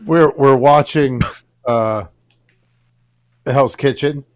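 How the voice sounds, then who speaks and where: A man's voice: mid-range voice, extremely slow. Laughing, swearing podcast man. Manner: laughing, profane storyteller. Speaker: podcast co-host. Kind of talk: casual chat.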